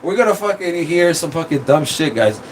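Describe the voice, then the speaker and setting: A man hosting a casual livestream, talking into his phone in a rambling, excitable way with plenty of swearing. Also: on the high side, moderate pace, a little hiss or hum, poor audio. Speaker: streamer.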